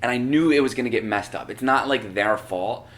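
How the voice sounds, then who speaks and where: Profane ranting man with a bright voice. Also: medium pitch, a little fast. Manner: profane, ranting, gets worked up. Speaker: podcast co-host. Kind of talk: casual podcast chat.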